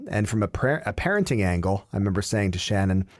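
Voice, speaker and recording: Guy, slightly low voice, dry close sound, easygoing anecdote-telling guest. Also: expressive, fast, no echo. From Canada. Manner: chatty anecdotal storyteller. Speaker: interview guest, comedian. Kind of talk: casual interview chat.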